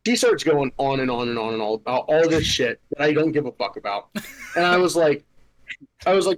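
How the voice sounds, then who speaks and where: A man's voice: fairly high pitch, sing-song, a little fast, low-quality recording. A young man hosting a podcast, telling a story in a casual, exasperated rant full of swearing and filler words. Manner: profane, exasperated ranting with many filler "like"s. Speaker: podcast host.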